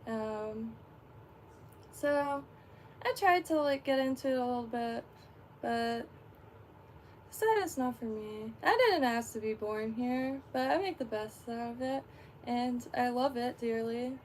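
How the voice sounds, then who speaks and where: A woman's voice: a little high, unhurried, pauses often, a little hiss or hum. Rambling, chatty Florida woman. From Florida, USA. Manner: rambling, chatty, laughs often, many fillers. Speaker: fishing livestreamer. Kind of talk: casual livestream chat.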